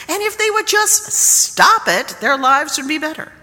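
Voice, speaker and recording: A woman's voice: high voice, very animated, measured pace, bright, forceful tone, in a large hall. A woman preacher giving an emphatic, storytelling sermon.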